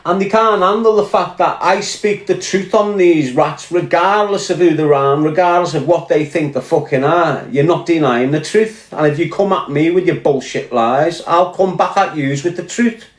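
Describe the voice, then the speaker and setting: A man's voice: on the high side, moderate pace, hardly any pauses. A man telling a story in a blunt, profane, accusing rant. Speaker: podcast guest. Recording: roomy echo.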